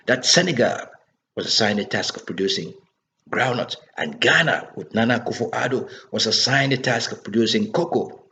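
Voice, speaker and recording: A political commentator, a man with a lowish, sharp-toned voice carrying a slight hiss or hum, delivers an impassioned monologue. He scolds repeatedly and keeps asking rhetorical questions. The recording sounds dull and lo-fi.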